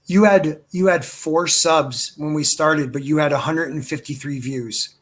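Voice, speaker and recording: A fairly high-voiced man hosting a casual live podcast. He talks loosely and with eager enthusiasm, tossing around dude and brother. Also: a little slow, a bit bright, husky. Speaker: podcast host. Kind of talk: casual live-stream chat.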